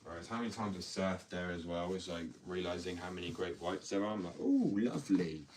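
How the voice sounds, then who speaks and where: A man chatting casually on a live stream from his workshop, rambling, excitable and quick to laugh at himself. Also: low voice. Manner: rambling, excitable, self-mocking. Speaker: skateboard maker live-streaming to chat. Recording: distant mic, faint noise.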